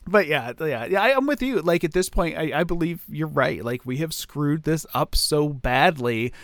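A man's voice: fairly high pitch, lively intonation, a little slow, a bit bright, dry recording. Casual male podcast co-host, rambling delivery, dry close sound. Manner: rambling, many fillers and restarts. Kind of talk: casual chat.

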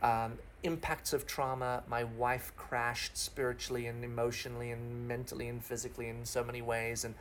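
Middle-aged male pastor, mid-pitched voice, vivid storyteller in a podcast interview, faint background hum. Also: level tone, moderate pace, hardly any pauses, a bit bright. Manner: vivid storyteller with long extended metaphors.

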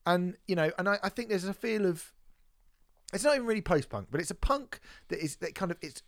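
A man co-hosting a casual music podcast, talking in animated, sweary bursts with many restarts. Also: high-pitched, a little fast, no echo, clean studio sound. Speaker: podcast co-host. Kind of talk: casual music review chat.

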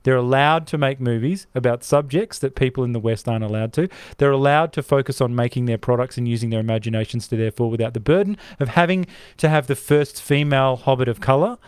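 A man's voice: medium pitch, quick pace, few pauses, darkish tone, smooth, dry recording. A man co-hosting a podcast, ranting in an opinionated casual chat with many restarts and asides. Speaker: podcast co-host.

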